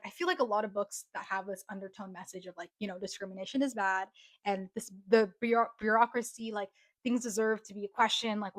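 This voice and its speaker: A woman's voice: on the high side, fairly bright tone, no echo. A young woman chatting casually in a book review vlog, gushing and rambling with many fillers. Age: young adult. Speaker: book vlogger.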